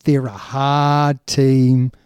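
A man's voice: mid-range voice, flat delivery, extremely slow, darkish tone, clean tone, no echo, clean studio sound. A man co-hosting a casual rugby chat, emphatic and chatty, often dropping in yeah and you know. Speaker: rugby podcast co-host.

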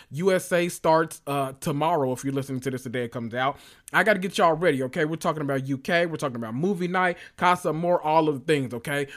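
A man hosting a casual solo podcast, talking in an animated, sassy way with lots of cussing and drawn-out emphasis. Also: a little high. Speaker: podcast host.

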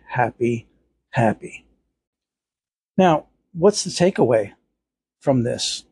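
A man hosting a spiritual talk show, speaking in a gentle, earnest way with many "you know" fillers. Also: medium pitch, gravelly, slightly rough. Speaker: podcast host.

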